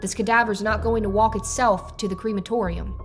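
A woman's voice: medium pitch, steady tone, a little fast, music in the background, natural voice. Woman voicing a scornful female chief doctor. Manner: sharp, scornful and commanding. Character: brusque, cutting female chief of medicine.

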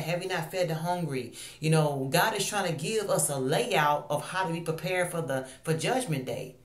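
A woman's voice: low-pitched, roomy sound. A woman ministering online, telling a personal faith testimony in an earnest, confessional way, often repeating phrases.

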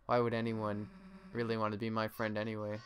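A man reading the lines of a gruff, tough young female monster in a plain, blunt voice. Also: on the low side, completely flat delivery, fairly quick, a little hiss or hum, close to an everyday voice. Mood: hurt.

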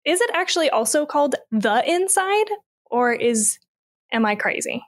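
A woman's voice: high-pitched, lively intonation, moderate pace. A young adult woman co-hosting a podcast in casual chat, chatty and giggly. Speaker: podcast co-host.

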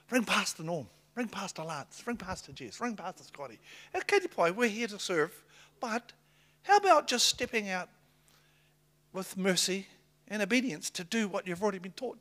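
Lively New pastor, man. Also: high voice, moderate pace. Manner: lively, excitable, laughs between lines. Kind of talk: sermon with storytelling.

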